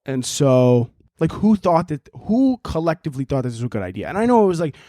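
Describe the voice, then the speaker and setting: Young male podcast host, higher voice, animated joking chatter, dry close sound. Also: brisk, no room sound. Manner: animated storytelling, swearing, joking. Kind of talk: casual solo podcast chat.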